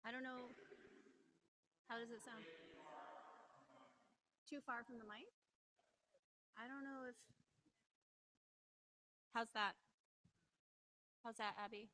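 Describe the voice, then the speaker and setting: A woman's voice: a little high, fairly even intonation, takes it slowly, pauses often, sharp tone, rough recording. A woman doing a casual sound check, repeating test phrases and asking whether she can be heard.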